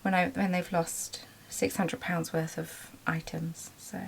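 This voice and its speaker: A woman's voice: fairly low pitch, level tone, measured pace, vocal fry, slight background noise. A woman running a small craft business, talking in a chatty, rambling way with lots of ums in a casual vlog. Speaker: small business owner and vlogger.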